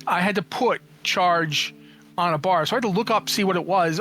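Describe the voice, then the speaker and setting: A man in his forties with a high, light voice tells stories as an interview guest. He is animated and jokey and acts out what people said, with frequent restarts. Faint music plays under him. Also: moderate pace. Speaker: interview guest, games journalist and writer. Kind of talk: casual storytelling in an interview.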